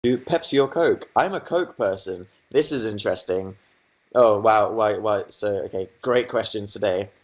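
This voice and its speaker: A man's voice: lowish voice, moderate pace. Sarcastic young man reading chat aloud. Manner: reads chat aloud, dry sarcastic asides. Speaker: livestream host. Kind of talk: casual livestream chat. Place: bedroom.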